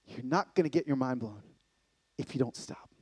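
Male conference preacher, lively pitch, warm husky tone, dry close sound, alternates loud and hushed. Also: moderate pace, no room sound. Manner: animated, swinging from loud to hushed. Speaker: conference speaker. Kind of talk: sermon.

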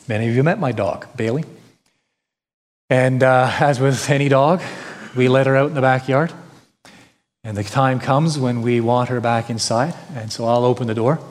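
A man's voice: mid-range voice, darkish tone. A male pastor preaching a sermon, emphatic, with rhetorical questions and repetition. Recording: long hall reverb.

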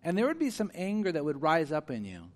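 Animated preaching man, slightly high voice. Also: fast talker. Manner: animated, swings between hushed and emphatic; acts out quoted voices and asks the listeners questions. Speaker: pastor. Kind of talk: preaching a sermon.

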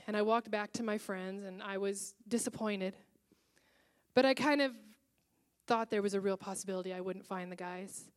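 A woman pastor preaching to a congregation in a church, telling a personal story in an earnest, emotional way. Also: a little high. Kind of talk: sermon with personal testimony.

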